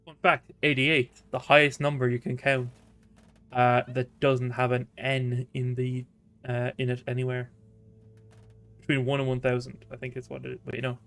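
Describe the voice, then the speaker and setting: A man's voice: medium pitch, monotone, moderate pace, fairly bright tone. A man hosting a casual let's-play stream, joking, laughing often and drifting into rambling tangents. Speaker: gaming channel host.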